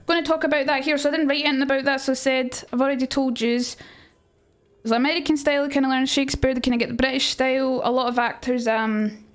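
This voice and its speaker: A young woman with a Scottish accent talks through Shakespeare for her livestream audience in a loose, rambling way. Her voice sits high, and she breaks off often to answer messages from chat. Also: little pitch movement, fast. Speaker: streamer teaching Shakespeare to chat. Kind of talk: casual livestream lesson.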